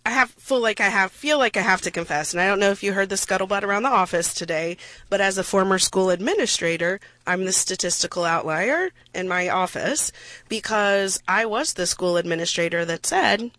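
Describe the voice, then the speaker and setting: A woman's voice: mid-range voice, fairly quick, fairly bright tone, no echo. A woman hosting a radio discussion, talking with passion and emphasis and tossing in self-deprecating asides.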